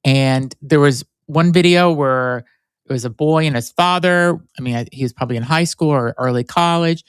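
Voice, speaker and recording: A man's voice: a little high, normal speed, smooth, no room sound, clean studio sound. A man hosting his own podcast alone, telling stories in a rambling, conversational way full of "like" fillers. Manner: rambling storyteller, frequent "like" fillers. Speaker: podcast host. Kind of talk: solo conversational podcast talk.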